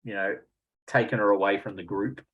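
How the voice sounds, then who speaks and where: A man running a tabletop game as game master, relaxed and chatty, with frequent ums. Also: lowish voice, brisk, dull audio, a little hiss or hum.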